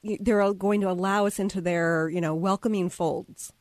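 A woman's voice: medium pitch, fairly even intonation, normal speed, a little mellow, no echo, studio quality. A woman hosting an interview, asking questions and encouraging her guest with short acknowledgements. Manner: encouraging, frequent brief acknowledgements. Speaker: interviewer, host.

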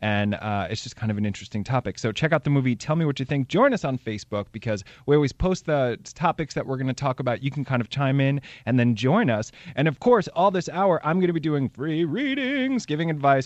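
A man's voice: medium pitch, animated, a little fast, hardly any pauses, no room sound. Upbeat chatty male radio host. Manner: chatty, upbeat, laughs easily. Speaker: radio show host and psychic reader. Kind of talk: casual call-in radio talk.

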